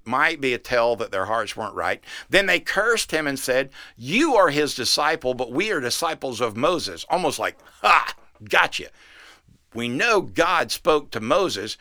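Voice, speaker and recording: A man's voice: on the high side, bright, forceful tone, no echo, clean studio sound. A man, a pastor, giving a short podcast sermon, reading scripture and breaking into folksy, slangy asides.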